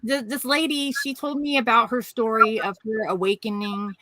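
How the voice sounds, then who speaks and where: Middle-aged woman, podcast guest, bright tone, dry close sound, rambling storyteller who acts out quotes. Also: fairly high pitch, little pitch movement, normal speed, no room sound, rough recording. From Washington State, USA. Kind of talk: casual storytelling chat.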